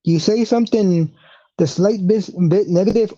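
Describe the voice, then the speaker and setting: Podcast co-host, mellow tone, hesitant chatty delivery, muffled lo-fi recording. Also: medium pitch, normal speed. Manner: hesitant, filler-laden agreement. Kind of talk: casual chat.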